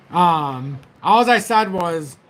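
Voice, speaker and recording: A man's voice: sits high, a bit bright. A man hosting a casual crypto livestream, rambling and chatty as he talks straight to his viewers through a tablet's built-in mic. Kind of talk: casual livestream market commentary.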